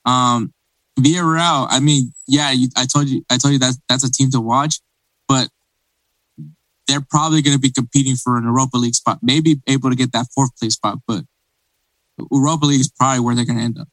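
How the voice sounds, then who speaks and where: A man's voice: mid-range voice, fairly even intonation, a little fast, a bit bright, dry recording, low-quality recording. A man co-hosting a casual sports podcast, talking in rambling bursts full of restarts. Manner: rambling, many restarts and fillers. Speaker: podcast co-host.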